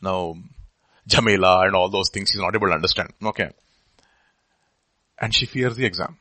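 A man's voice: low voice, normal speed, bright, forceful tone, dry recording, rough recording. A man with an Indian English accent preaching a sermon as a pastor, emphatic and full of rhetorical questions.

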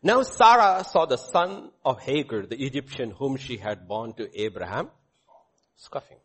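Pastor preaching, husky voice, pitch jumping all over, loud then quiet, jokes with the kids. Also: male voice, unhurried. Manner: animated, swings from loud exclamations to low asides; jokes with the congregation, calls on children by name. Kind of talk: sermon.

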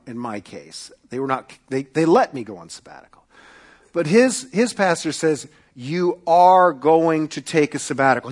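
A man preaching a sermon as pastor, swinging from loud emphatic peaks to quiet asides, with frequent restarts. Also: mid-range voice. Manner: retells stories with quoted voices, self-correcting restarts.

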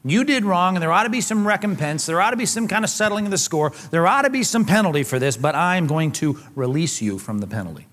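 A man's voice: fairly high pitch, animated, fast, hardly any pauses, a bit bright. A man voicing a weary king who firmly rebukes his own men. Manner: firm, exasperated. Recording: long hall reverb.

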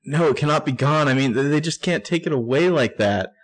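A man's voice: on the high side, lively intonation, a little fast, pitched above the performer's own voice. A man voicing a distraught young woman in a raised, melodramatic reading. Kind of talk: podcast scene reenactment.

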